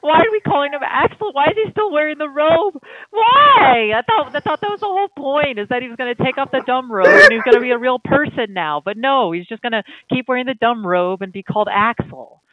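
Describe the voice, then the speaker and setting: Animated speaker on a tinny dry line. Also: high voice, brisk, hardly any pauses, a loud crowd. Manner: dramatic exclamations, animated and gushing. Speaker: podcast co-host. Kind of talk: casual gaming chat.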